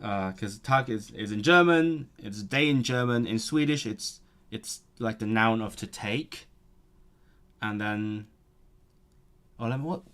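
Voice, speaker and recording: A man's voice: fairly low pitch, a little slow, pauses often, a bit bright. A man who runs a language-learning channel, thinking aloud as he studies, free-associating between languages and correcting himself as he goes. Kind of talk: thinking aloud while studying.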